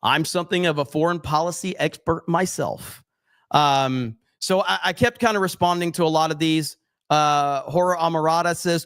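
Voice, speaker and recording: A man's voice: fairly high pitch, moderate pace, a bit bright, smooth, no room sound, studio quality. A man commenting casually and bluntly on a live stream, cursing freely and reading viewer comments aloud. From USA.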